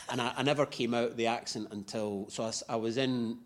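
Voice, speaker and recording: A man's voice: mid-range voice, fairly even intonation, brisk. A middle-aged man, an actor being interviewed, talking in a chatty, rambling way with many restarts. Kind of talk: casual interview chat.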